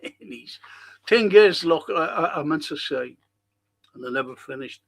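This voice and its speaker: A man's voice: a little high, normal speed, creaky, pushed and bright, slightly rough. Passionate older man, rambling. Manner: passionate, rambling, swears freely. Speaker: podcast host. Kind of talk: casual live-stream chat, reading viewer comments.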